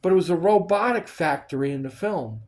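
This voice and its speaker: Animated man telling stories, swearing. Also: on the high side, fairly quick. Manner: animated, acts out quoted people, swears freely. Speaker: storyteller recalling film work. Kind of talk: casual chat.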